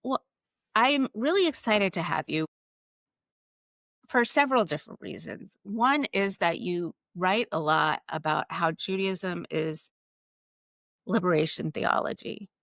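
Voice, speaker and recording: A woman hosts a live interview, speaking in earnest, thoughtful phrases. Her voice sits fairly low. The sound is dry and close, with no room echo. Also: a little slow, fairly bright tone. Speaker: podcast host.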